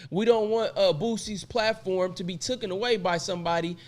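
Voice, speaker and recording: A man co-hosting a casual podcast discussion, arguing his points with passion. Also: high voice. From United States. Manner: passionate, rapid-fire argument. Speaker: podcast co-host.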